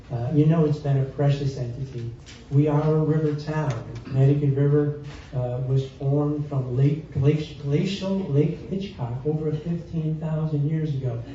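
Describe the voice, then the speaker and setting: A man's voice: on the high side, warm tone, slight background noise. A man, a songwriter and society president, telling rambling anecdotes to a live audience between songs. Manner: chatty, rambling anecdotes with fillers and audience asides. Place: community hall with live audience. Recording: far-off, echoey, dull hall recording.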